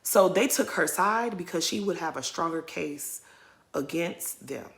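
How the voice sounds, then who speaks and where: A woman giving opinionated, animated commentary as she recaps a reality TV episode for her viewers. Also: fairly low pitch, measured pace. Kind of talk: casual commentary vlog.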